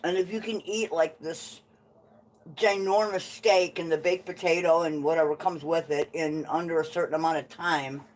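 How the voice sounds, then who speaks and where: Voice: medium pitch, fairly even intonation, normal speed, slight background noise, poor audio. A livestream host in casual chat at home, blunt and opinionated, swearing freely.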